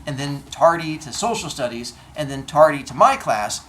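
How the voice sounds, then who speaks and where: A male teacher talking to his class in a classroom, telling stories with deadpan comic exaggeration. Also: a little high, normal speed. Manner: animated storyteller, acts out exchanges in comic voices. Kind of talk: classroom talk to students.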